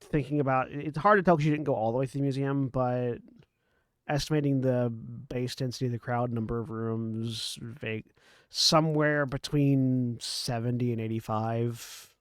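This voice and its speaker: Halting game master man, dry sound. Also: medium pitch, fairly even intonation, clear, resonant tone, dry recording. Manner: halting, restarts while describing scenes. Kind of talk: narrating a tabletop horror game.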